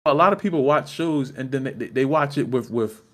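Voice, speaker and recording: Male co-host, insistent and repetitive, casual wrestling talk. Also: mid-range voice. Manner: emphatic, repeats himself, slow and insistent. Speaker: podcast co-host.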